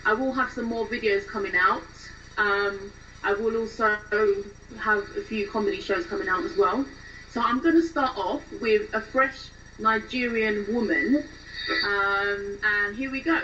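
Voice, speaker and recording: A woman's voice: mid-range voice, measured pace, pushed and bright, a little hiss or hum. A woman actress introducing her comedy accent videos in a casual, hesitant way, with lots of ums. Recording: dull lo-fi, distant from the mic.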